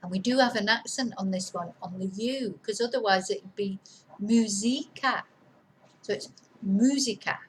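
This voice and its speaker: A woman's voice: mid-range voice, slight background noise, poor audio. A woman teaching a spelling lesson, reading each word twice and then spelling it out letter by letter, with chatty asides. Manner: slow, careful dictation with repeated words and chatty asides. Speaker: Spanish teacher. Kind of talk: spelling lesson, dictating words slowly.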